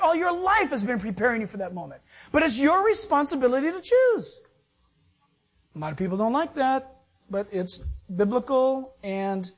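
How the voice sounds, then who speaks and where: Dramatic preacher swinging loud to hushed. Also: medium pitch. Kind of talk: sermon.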